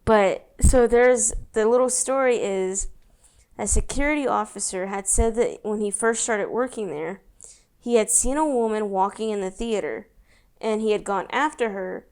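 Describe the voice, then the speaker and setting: A woman's voice: mid-range voice, moderate pace, a little mellow, smooth. A young woman co-hosting a podcast, chatting casually with wry, laid-back remarks. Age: young adult. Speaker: podcast co-host. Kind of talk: casual chat.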